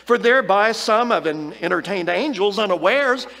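A high-pitched male preacher delivering a Bible lesson, earnest and emphatic, pressing hard on the key words of the verses. His voice hangs in a long, trailing reverb. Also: animated, normal speed, creaky, bright, forceful tone. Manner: earnest, emphatic, reads scripture aloud with rising stress.

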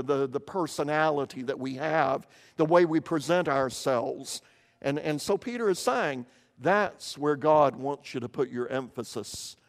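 A man's voice: on the high side, big-room sound. An older man from eastern Kentucky preaching a sermon, explaining scripture earnestly and often repeating words as he restarts.

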